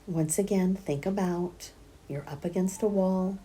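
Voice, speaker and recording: A middle-aged woman teaching a prenatal yoga class, speaking gently and softly, often half-whispered, and counting breaths aloud. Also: fairly low pitch, a little slow, slightly rough, soft background music. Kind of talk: guided yoga class instruction.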